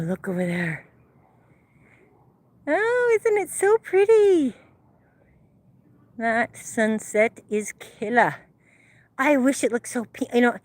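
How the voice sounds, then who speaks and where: An older woman hosting a livestream rambles casually to viewers as she walks outside in the evening at sunset, phone held in hand. Her voice is fairly high with a darkish tone.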